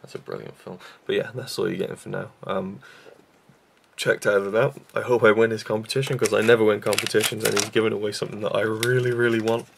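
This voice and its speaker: Gravelly-voiced young man rambling casually. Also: fairly low pitch, little pitch movement, fast talker, a little hiss or hum. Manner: rambling, self-deprecating, frequent fillers and restarts. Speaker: YouTube reviewer. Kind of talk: casual vlog chat.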